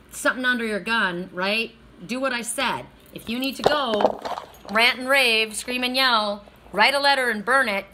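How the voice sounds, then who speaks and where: A woman's voice: a little high, bright, forceful tone, a little hiss or hum. A woman doing a casual weekly oracle card reading, talking bluntly, swearing freely and checking in with "right?".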